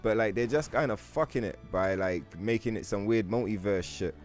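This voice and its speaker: A man livestreaming a game, talking to his chat in a rambling, profane, animated way. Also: on the low side, moderate pace, faint music behind. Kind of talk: casual gaming stream chat.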